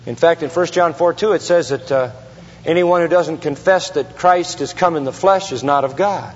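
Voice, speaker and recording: A man's voice: fairly high pitch, normal speed, a little hiss or hum. A man preaching a sermon with emphatic repetition, putting rhetorical questions to the congregation. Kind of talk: expository sermon. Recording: long hall reverb, dull lo-fi sound.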